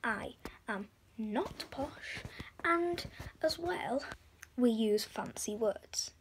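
An English woman talking casually to camera as a vlogger, rambling with quick self-deprecating asides. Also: a little high, lively intonation, background noise. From England.

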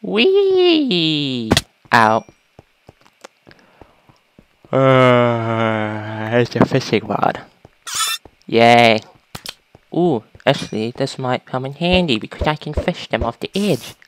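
A woman casually commentating a video game, talking to creatures and breaking into panicked shouts. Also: rumbling low, slow pace, long pauses, background noise. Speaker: gaming YouTuber.

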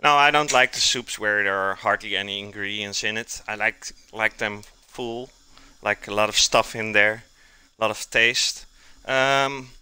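A man's voice: lowish voice, unhurried, bright, forceful tone, smooth, low-quality recording. A man with a non-native accent who streams himself cooking live, rambling casually and answering chat messages as he works. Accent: non-native English accent.

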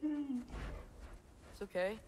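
A man's voice: very high-pitched, expressive, very slow, heavy background noise, exaggerated voice. An actor playing an earnest young male demigod, a hopeful son speaking in a video game.

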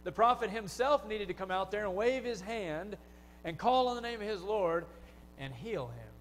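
A man preaching a sermon in a church, his fairly high voice carrying with a long hall echo. He talks to the congregation in a plain, conversational way and keeps asking them rhetorical questions. A faint hum sits under the recording. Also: lively intonation, moderate pace. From United States. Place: church sanctuary.

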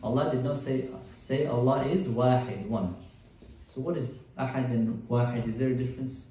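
A male teacher leads a Quran tafsir lesson. He explains each word step by step and keeps quizzing his class. His mellow voice is picked up from across a strongly echoing room. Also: medium pitch, steady tone, moderate pace, far from the mic, slight background noise. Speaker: Islamic teacher. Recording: echoey room, voice from afar.

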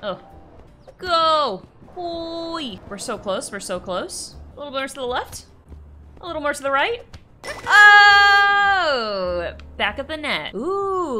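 A young woman giving playful gameplay commentary, talking to game characters in an animated way. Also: mid-range voice. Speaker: gaming streamer.

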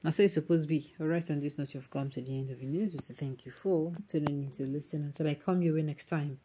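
A woman's voice: sits low, fairly even intonation, quick pace, dark tone, a little hiss or hum. A woman with a Nigerian accent hosting an online news show, reading viewer comments aloud and mixing in emphatic Pidgin asides.

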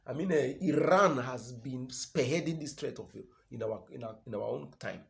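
A Nigerian man preaches with loud emphasis, pushing his voice up high at the peaks of each point. He keeps throwing questions out to the listeners and waiting for their answer. His pitch sits in an ordinary middle range. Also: moderate pace, gravelly. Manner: call-and-response questions, loud emphatic delivery. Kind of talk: sermon.

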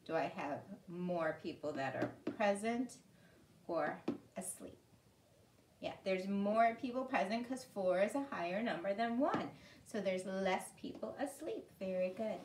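A woman teaching small children in a gentle, sing-song way during an online preschool lesson, talking at home. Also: mid-range voice, expressive, a little slow. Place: room at home. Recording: echoey room, distant mic, faint hiss.

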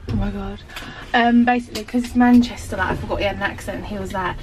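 A woman's voice: medium pitch, fairly even intonation, quick pace, a little mellow, reverberant, slight background noise, rough recording. A young woman giggling and teasing as she chats through a travel vlog. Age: young adult. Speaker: vlogger. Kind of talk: casual vlog chat. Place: train station, hotel corridor and room.

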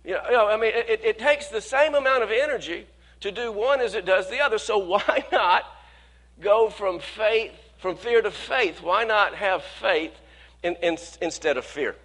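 Male pastor, high bright voice, folksy sermon delivery with stammered restarts. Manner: conversational preaching with frequent repeated words and quick laughs; speeds up when quoting worried people, slows to stress key words.

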